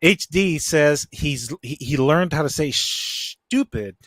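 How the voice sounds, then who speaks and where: A man's voice: a little high, a little slow, dry recording, clean studio sound. A man hosting a podcast in casual chat, laid-back, laughing often and reading out viewer comments. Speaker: podcast host.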